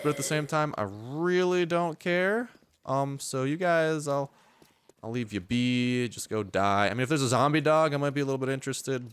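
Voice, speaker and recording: In a clean, mid-range voice with a bit of brightness, this young gaming YouTuber plays a survival game and offers casual commentary. His talk is rambling and jokey, sprinkled with playful mock speeches.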